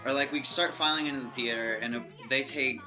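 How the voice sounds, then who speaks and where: A young woman excitedly telling a fan story in a casual vlog, gushing and giggly. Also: extremely low pitch, a little fast. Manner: gushing fangirl, giggly, animated quoting. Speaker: vlogger. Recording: music playing behind.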